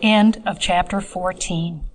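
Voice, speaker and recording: A woman narrating an audiobook chapter in a measured, even way. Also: lowish voice, a little hiss or hum, rough recording. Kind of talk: scripted narration.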